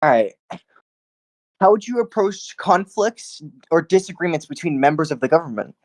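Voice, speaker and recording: A man moderating a debate, asking questions in a brisk, formal way. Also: on the high side, lively intonation.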